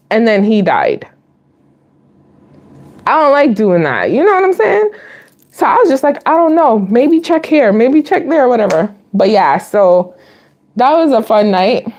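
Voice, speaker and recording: A woman's voice: a little high, a little mellow. A woman in her late thirties telling stories in a casual live Q&A vlog, chatty and confiding, laughing often as she talks. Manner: chatty and confiding toward viewers. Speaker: vlogger host.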